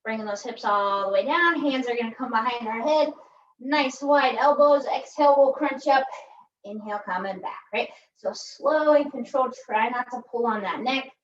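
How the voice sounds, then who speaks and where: A woman's voice: a little high, moderate pace, a little hiss or hum. Chatty woman coaching a workout, echoey. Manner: chatty, joking, tags cues with "right?". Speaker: pilates instructor. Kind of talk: guided workout instruction. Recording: echoey room, distant mic, dull sound.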